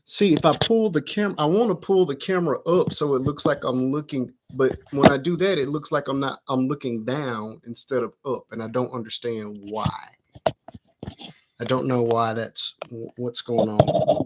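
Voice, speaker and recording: A man's voice: medium pitch, heavy background noise. A man hosting a casual livestream from his home, chatting and muttering to himself as he adjusts his camera, picked up by the camera mic. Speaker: livestream host. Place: at home, indoors.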